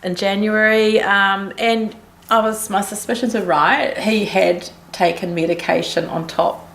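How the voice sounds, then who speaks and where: Gravelly-voiced New Zealand woman. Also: mid-range voice, steady tone, fairly bright tone, reverberant. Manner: chatty, chiming in with quick comments. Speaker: flight attendant co-host. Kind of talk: casual chat.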